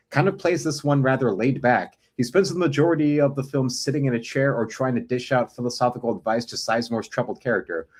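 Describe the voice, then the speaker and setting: A man's voice: medium pitch, a little mellow. A man with a mid-range voice hosts a casual stream. He jokes with his friends and reads a film review aloud at an easy pace. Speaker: host of an art stream.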